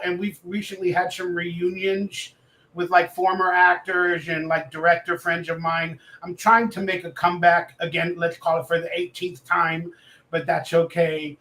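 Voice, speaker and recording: Earnest male guest, high and bright, rambling, in an echoey room. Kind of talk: casual interview chat.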